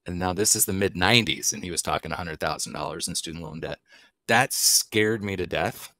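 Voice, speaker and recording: A man's voice: sits low, fairly quick, pushed and bright, no room sound. A middle-aged man, a wild game chef, talking casually as a podcast guest, an easygoing storyteller who asks and answers his own questions.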